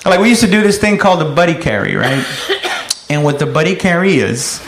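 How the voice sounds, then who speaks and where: A man telling a profane stand-up story and breaking into loud, shouted impressions. His voice sits high for a man. The recording is echoey and has a lot of noise. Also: sing-song, fairly quick. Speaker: stand-up comedian. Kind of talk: stand-up routine.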